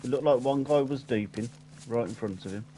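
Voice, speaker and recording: A man's voice: mid-range voice, brisk, dark tone. A man in casual voice chat while gaming, making cheeky, dry quips. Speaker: gamer in voice chat.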